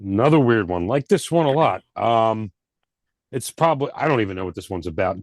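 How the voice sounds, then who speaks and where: Laid-back man with a lively, lowish voice. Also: fairly quick, dry recording, clean studio sound. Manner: laid-back, rambling with restarts. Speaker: podcast co-host. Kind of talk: casual album review chat.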